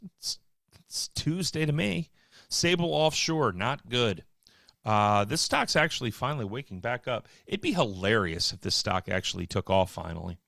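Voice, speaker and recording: A man hosting a live stock market show, talking casually with wry, offhand asides and quick bursts. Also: fairly low pitch, creaky, fairly bright tone, dry recording, clean studio sound. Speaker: market livestream host.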